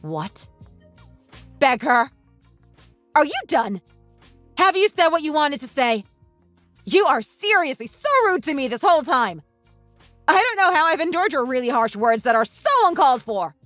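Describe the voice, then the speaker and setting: A woman's voice: high voice, very animated, normal speed, long pauses, fairly bright tone, no room sound, soft background music. A woman voicing an indignant young wife in a voiced texting story, scolding in an earnest, exasperated way. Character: indignant young wife defending her family.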